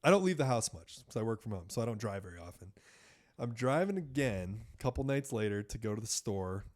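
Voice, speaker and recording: A man who is a podcast guest, telling a story in a casual, animated way, full of fillers and swearing. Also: fairly low pitch, a little fast.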